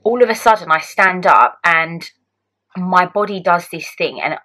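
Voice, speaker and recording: A young woman casually telling a personal story to her vlog audience, in an animated way with many "like"s. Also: lowish voice, unhurried, poor audio. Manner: animated, heavy use of "like" as filler. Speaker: vlogger.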